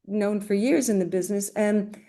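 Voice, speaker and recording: A woman's voice: mid-range voice, fairly even intonation, moderate pace, dark tone. A middle-aged woman from Greece, a voice actress telling stories in a casual interview, chatty with many restarts and fillers. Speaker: guest, voice actress.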